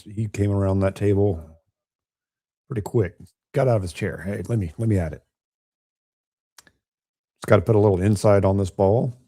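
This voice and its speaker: A raspy, hoarse man with a lowish voice calls a pool match from a quiet room at home. His tone is dark and mellow, and he keeps chatting and joking with the viewers between shots. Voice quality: raspy from a chest cold. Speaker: remote pool commentator. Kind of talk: casual live commentary.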